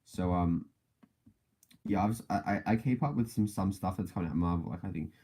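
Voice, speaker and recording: A man's voice: low voice, a little fast, mellow, husky. A man hosting a casual podcast livestream, rambling with many fillers and self-corrections and laughing often between thoughts. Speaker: podcast host.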